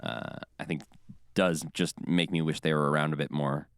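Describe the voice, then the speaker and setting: A man co-hosting a podcast in casual chat, animated and often acting out quotes. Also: extremely low pitch, moderate pace, clean tone, no echo, studio quality. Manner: animated, quotes others in bursts. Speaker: podcast co-host.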